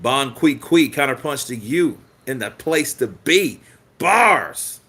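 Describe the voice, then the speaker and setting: A man's voice: mid-range voice, animated, a little slow, slightly rough. A man hosting a live boxing news stream, joking and swearing casually while answering viewer comments. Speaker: host of a boxing news channel.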